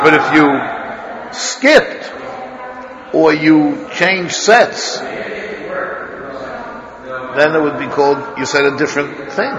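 A man teaching a Torah study class, his voice sitting a touch higher than most men's. He works through ideas out loud, quizzing the room and restarting his sentences as he goes, while his students are clearly heard around him. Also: highs cut off. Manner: thinks aloud, questioning students, many restarts.

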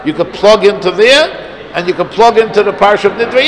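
A man's voice: high voice, fast, a bit bright. A man giving a Talmud lecture to his students, arguing his points aloud with emphasis. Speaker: Talmud teacher. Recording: noisy class of listeners.

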